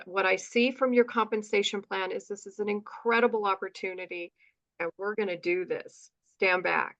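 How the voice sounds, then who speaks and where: Here an interviewee from the United States speaks at medium pitch, the audio missing its high end. Lively as she tells her story, she acts out exchanges and often drops in a "right?"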